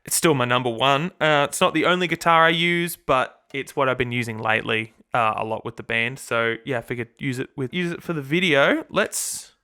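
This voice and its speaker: A young man with an Australian accent chats on and on about his setup, drifting off on tangents and dropping the odd swear word. His voice is bright and clean, with a smooth, clear tone. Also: medium pitch, fairly quick, few pauses. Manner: rambling, chatty, swears casually. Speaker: guitarist and channel host. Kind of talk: casual gear demo vlog.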